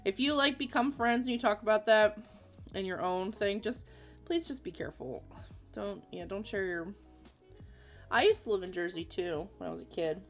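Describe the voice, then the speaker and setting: A woman's voice: medium pitch, lively intonation, moderate pace, faint music behind. A woman in her thirties from Florida, chatting casually on a livestream while drawing, reading chat aloud and laughing often. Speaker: livestream artist host.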